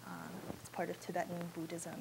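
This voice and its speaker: A woman's voice: lowish voice, monotone, a little fast, gravelly, background noise. A woman photojournalist giving an informal slideshow talk in a university auditorium, speaking in a candid, conversational and unpolished way.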